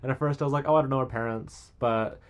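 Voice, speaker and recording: A young man chatting casually as a podcast guest, an animated storyteller who acts out quotes. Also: mid-range voice, fast, clear, resonant tone. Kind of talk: casual chat.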